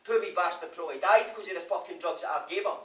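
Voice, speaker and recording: A man's voice: high voice, fast talker, natural voice. An actor with a Scottish accent playing a remorseful male prisoner in a theatre monologue, swearing constantly. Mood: guilt-ridden. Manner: raw, swearing constantly, brooding. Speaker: stage actor. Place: theatre stage. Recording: live stage, roomy, from far off.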